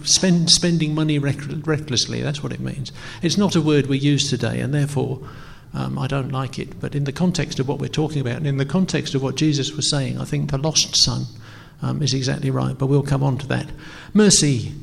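This middle-aged man is a pastor preaching in church, loose and halting, peppering his talk with ums and jokes at his own expense. He speaks at medium pitch with fairly even intonation, briskly and creakily, barely pausing, amid the long echo of the hall.

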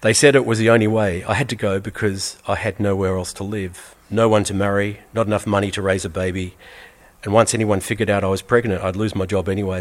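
A man reading a first-person story aloud in an earnest, measured way, repeating phrases for weight. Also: fairly low pitch, fairly even intonation. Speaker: reader.

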